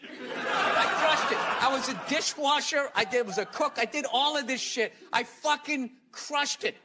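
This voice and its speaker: American guy guesting on a chat show, high voice, sweary animated rants, hissy noisy audio. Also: moderate pace. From United States. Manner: blunt, profane, animated ranting. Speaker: guest comedian. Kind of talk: casual interview chat.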